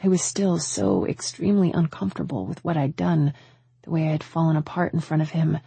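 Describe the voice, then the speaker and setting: A woman reads a first-person romance audiobook with an intimate, emotional delivery. Her voice is husky and low, with a gravelly fry. The recording is dry and close. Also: fairly quick, dark tone, no echo. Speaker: audiobook narrator.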